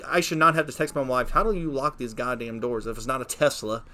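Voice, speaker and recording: A man in his late thirties co-hosting a podcast, telling stories in a casual, profane, animated way. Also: mid-range voice, fast talker. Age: 30s. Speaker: podcast co-host. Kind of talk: casual chat.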